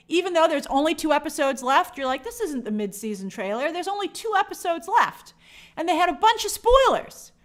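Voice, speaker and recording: A woman hosting an entertainment news show, talking in a casual, sarcastic and exasperated way. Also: high voice. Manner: animated, sarcastic, exasperated asides. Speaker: show host. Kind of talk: casual opinionated commentary.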